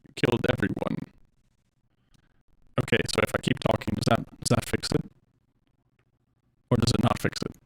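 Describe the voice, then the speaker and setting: A man's voice: mid-range voice, flat delivery, fairly quick, long pauses, rough recording. A man streaming a game, casually muttering to himself as he troubleshoots. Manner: mutters menu items while troubleshooting. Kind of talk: casual gameplay commentary.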